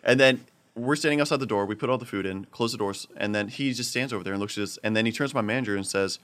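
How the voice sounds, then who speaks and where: A man telling a long story in casual chat, animated and laughing often as he acts out the voices of the people in it. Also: lowish voice, rapid-fire. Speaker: podcast host telling a story.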